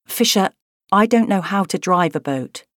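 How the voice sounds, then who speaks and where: A woman's voice: medium pitch, animated, moderate pace, fairly bright tone, dry recording, studio quality, pitched above the performer's own voice, lightly acted. A woman voicing an anxious, flustered young woman, the heroine of an audiobook.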